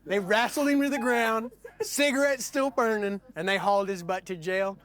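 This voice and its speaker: High-voiced man telling wild stories. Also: normal speed. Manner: animated, acts out voices in his stories; frequent fillers like "like". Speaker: storyteller host. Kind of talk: casual anecdote telling.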